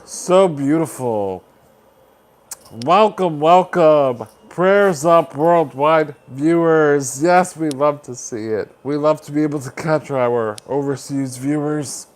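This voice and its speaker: A man's voice: a little high, slow. A man hosting a livestream, chatting casually and upbeat as he reads out viewer comments and rallies support. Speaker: livestream host.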